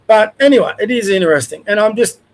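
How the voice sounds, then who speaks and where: Older aussie bloke ranting on his livestream, higher voice, blunt and chatty. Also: animated, fast talker, rough recording. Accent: Australian. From Australia. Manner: blunt, conversational, opinionated. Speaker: livestream host. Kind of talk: opinion rant livestream.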